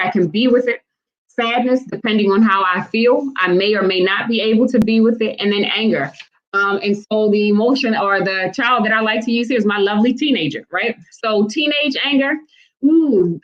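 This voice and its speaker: A woman leads a live-stream talk for parents, talking in a conversational way and often checking in with her viewers. Her voice sits at a medium pitch, and the audio is a bit dull and lo-fi. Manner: conversational, asks the audience for responses. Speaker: host and parenting educator.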